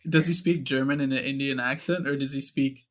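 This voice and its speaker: A man's voice: medium pitch, steady tone, fairly quick, fairly bright tone. A man co-hosting a podcast, playful and joking in casual chat. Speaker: podcast co-host.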